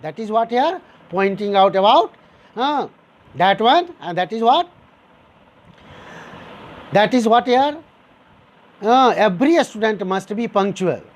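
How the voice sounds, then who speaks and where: A man's voice: high-pitched, lively intonation, takes it slowly, pauses often. A man teaching a grammar lesson, repeating each example sentence and explaining it step by step to his dear students. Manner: addresses listeners as dear students.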